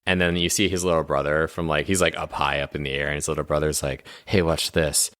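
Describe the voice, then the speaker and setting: A young man playing a tabletop game who complains in character and narrates the scene, often exasperated and whiny, with sudden high squeaks. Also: level tone, quick pace, fairly bright tone, clear, resonant tone, no room sound, clean studio sound. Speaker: player.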